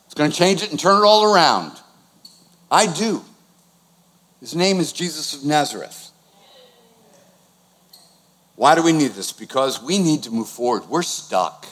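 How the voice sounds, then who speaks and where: A man's voice: fairly high pitch, expressive, measured pace, long pauses, a bit bright. A man, preaching a conversational sermon with sudden swings in volume. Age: 60s. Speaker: pastor. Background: new-age music.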